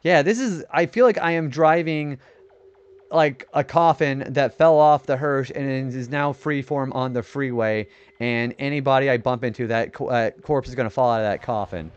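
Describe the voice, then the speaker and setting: A man's voice: mid-range voice, normal speed, clear, resonant tone, dull audio. A young man streaming a retro game, rambling casually about his day and swearing when he misses a turn. He describes his own voice as nerdy. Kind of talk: casual gaming stream chat.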